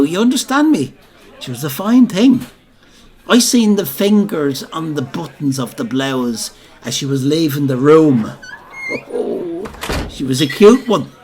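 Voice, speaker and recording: A man's voice: a little high, a little mellow, breathy edge, heavily acted. An actor playing an older Dublin man who tells a rambling, boastful pub story, with colloquial asides to his listeners. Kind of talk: theatrical comic monologue.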